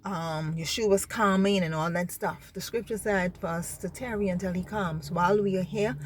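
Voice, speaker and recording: A woman's voice: mid-range voice, darkish tone, slight background noise. Earnest woman speaking with conviction. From Bahamas. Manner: earnest, repeats herself, asks "you understand?". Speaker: faith-based speaker. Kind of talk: impassioned spoken reflection.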